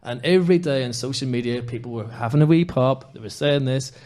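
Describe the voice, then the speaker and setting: Male podcast host, passionate and emphatic, mid-pitched everyday voice. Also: brisk, a little mellow. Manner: impassioned, emphatic ranting. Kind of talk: casual football podcast chat.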